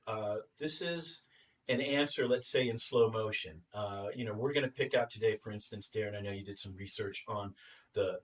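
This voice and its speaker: Host: man, lower pitch, steers the conversation, a little off-mic with faint noise. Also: a bit bright, recorded from a distance. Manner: leads the talk, quick affirmations. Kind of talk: live stream market discussion.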